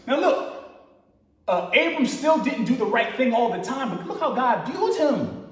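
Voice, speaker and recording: High-voiced preacher in an echoey hall. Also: male voice, a little slow, far from the mic. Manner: relaxed, slangy, acts out quotes with rising emphasis. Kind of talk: casual conversational sermon. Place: church hall.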